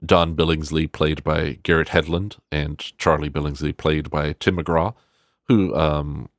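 Very deep-voiced man, dry close mic, loose profane film-review chatter. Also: unhurried, no room sound. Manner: rambling, profane, animated quoting of characters. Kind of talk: casual spoken film review.

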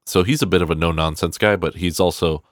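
Very deep-voiced man, dry close mic, loose profane film-review chatter. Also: quick pace, dry recording. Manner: rambling, profane, animated quoting of characters. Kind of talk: casual spoken film review.

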